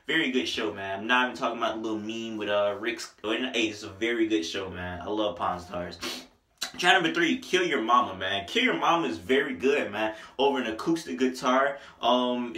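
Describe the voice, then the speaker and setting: A young man with a bright, forceful mid-range voice reviews an album in a roomy-sounding casual vlog. He keeps it loose, joking and slangy, breaking into snippets of songs as he goes.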